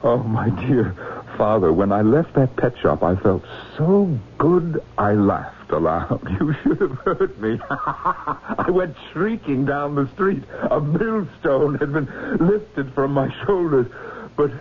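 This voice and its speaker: An actor playing a haunted professor who stammers, panics and pleads, in a 1970s radio drama. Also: male voice, mid-range voice, very animated, takes it slowly. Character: frantic, haunted older male professor. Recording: tinny old radio broadcast, faint noise.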